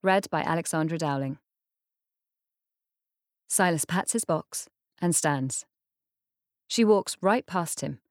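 A woman narrating an audiobook in a measured, unhurried storytelling manner. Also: low voice, no echo, clean studio sound. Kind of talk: scripted narration.

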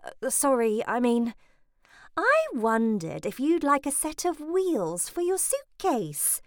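A fussy middle-aged mother chatters on in a high, sing-song voice that leaps all over the place, as a woman reads her aloud. She is breezy and pushy, never letting anyone get a word in. It's a storybook audiobook voice, close and dry. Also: wildly swooping pitch, takes it slowly, dry recording, heavily acted. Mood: gushing. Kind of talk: audiobook reading.

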